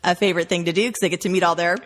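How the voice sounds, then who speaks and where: A woman's voice: lowish voice, fairly even intonation, very fast. A woman guest on an interview, a referral marketing trainer who tells stories emphatically and lists words. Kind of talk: conversational interview. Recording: long hall reverb.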